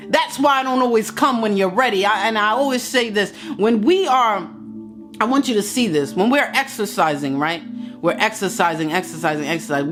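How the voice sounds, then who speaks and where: A woman hosting a live stream, giving a fervent, faith-based pep talk while she works out, sweaty and winded, and building to excited outbursts. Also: medium pitch. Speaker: motivational live-stream host.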